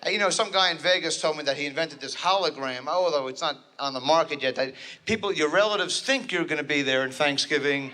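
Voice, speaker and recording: On stage before a live crowd, a New Jersey comic rambles through a neurotic bit, running himself down. He speaks fairly quickly, his voice a little high with a sharp tone.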